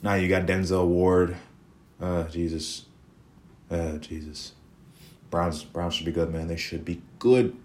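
Young man, sports podcast host, blunt and profane, fired-up solo rant, lowish voice. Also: fairly even intonation, measured pace, pauses often, a little mellow.

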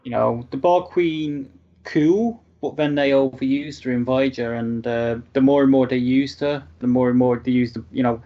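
Podcast co-host, hesitant, lots of fillers, wry, mid pitch, dull lo-fi mic. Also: fairly even intonation, moderate pace. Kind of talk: casual fan discussion.

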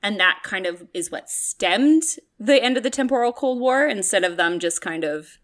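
A woman in an easygoing podcast chat, her voice bright and sharp, leaping up and down as she talks. She speaks her mind and likes to argue a point. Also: medium pitch, lively intonation, normal speed, few pauses. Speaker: podcast co-host. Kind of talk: casual chat.

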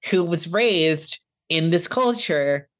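Podcast co-host, female, lower voice, relaxed and wry. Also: slow pace. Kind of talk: casual movie discussion.

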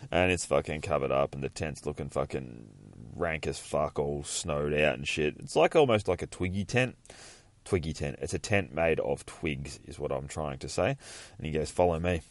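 A man's voice: rumbling low, moderate pace, no echo. A man hosting a podcast, retelling a comic book in a rambling, profane, jokey way. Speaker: podcast host.

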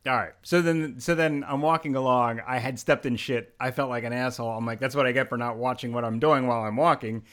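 A man hosting a podcast, telling animated stories in casual chat and laughing often. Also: mid-range voice, fast talker, hardly any pauses. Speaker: podcast host.

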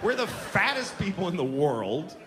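A man in his forties doing a stand-up comedy routine, ranting with profanity and slipping into quick character voices. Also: high voice, sing-song, background noise. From United States. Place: large theater on stage. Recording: live theater with hall reverb and crowd laughter.

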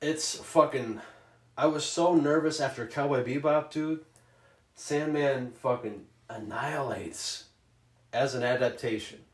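Podcaster, man, mid pitch, swears a lot, animated storyteller, roomy echo. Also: a little slow, recorded from a distance. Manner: profane, animated storyteller who acts out scenes. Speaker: podcast co-host. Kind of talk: casual chat.

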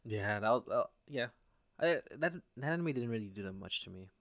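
Low-voiced, laid-back young man. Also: expressive, a little fast, fairly bright tone, no echo. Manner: laid-back, dry, understated. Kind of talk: casual chat.

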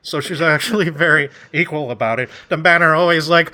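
A man's voice: fairly high pitch, brisk, bright, forceful tone. A man in casual conversation retelling a book's plot, rambling along with frequent laughs and acted-out bits. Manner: rambling, laughs often, acts out voices. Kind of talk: casual chat.

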